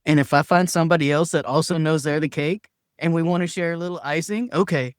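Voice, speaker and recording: On a podcast, a male guest shares candidly in a slightly high, fast, smooth voice, recorded dry with studio quality. He's earnest and emphatic, at times reenacting things he once said in a raised voice.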